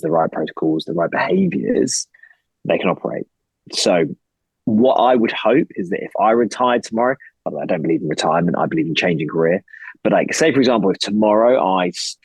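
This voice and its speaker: A man in his thirties, an investor and founder, guests on a podcast and chats casually with lots of energy, rambling and swearing now and then. His voice is deep and slightly rough, and the recording is rough but has no echo.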